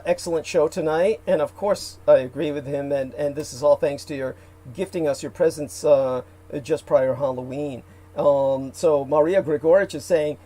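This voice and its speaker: A man's voice: on the high side, mellow. Rambling man hosting a livestream. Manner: rambling, many fillers and restarts, reads out viewer comments. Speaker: livestream host. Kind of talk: casual livestream chat.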